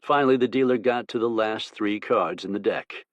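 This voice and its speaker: Guy narrating a western audiobook, steady and even, deep-ish voice. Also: normal speed, no echo.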